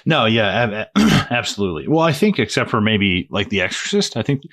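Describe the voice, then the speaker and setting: Lowish-voiced dude from the us, rambling and cussing about a movie, laughs a lot. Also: male voice, fairly quick. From United States. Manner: animated, swearing, laughs often, slips into loud impressions. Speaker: podcast co-host. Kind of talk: casual movie-review chat.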